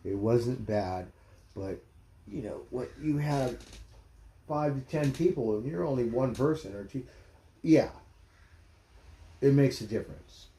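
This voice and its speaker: A man's voice: mid-range voice, animated, a little slow, long pauses, dark tone. A man hosting a livestream, ranting bluntly and heatedly in casual, profane commentary. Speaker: livestream host. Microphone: streaming mic.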